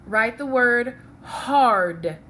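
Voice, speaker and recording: Slow, patient woman teaching phonics. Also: a little high, lively intonation, bright, forceful tone, slight background noise. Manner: slow, patient, checks in with "okay?". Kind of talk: phonics lesson, writing along.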